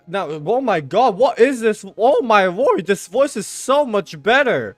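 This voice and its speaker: A man streaming a game, giving casual commentary with sarcastic remarks, frequent swearing and excitable outbursts. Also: sits high, unhurried, few pauses, soft background music.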